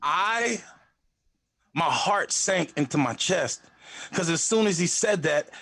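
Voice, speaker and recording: A young adult man telling a comic story in a live storytelling show, animated and acting out other voices. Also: a little high, takes it slowly, gravelly, no room sound. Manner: animated, acts out voices in a loud hype.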